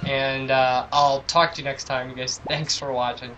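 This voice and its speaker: A man's voice: medium pitch, little pitch movement, moderate pace, rough recording. A man casually commentating a video game, rambling and joking at his own expense. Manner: rambling, self-deprecating, chatty asides. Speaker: let's play commentator. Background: game music.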